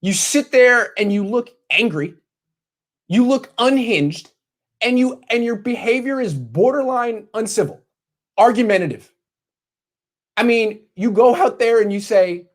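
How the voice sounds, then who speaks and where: A man's voice: very high voice, animated, unhurried. A man ranting sarcastically straight at the camera in a vlog from his bedroom, mocking and scolding as he talks. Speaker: sports commentator.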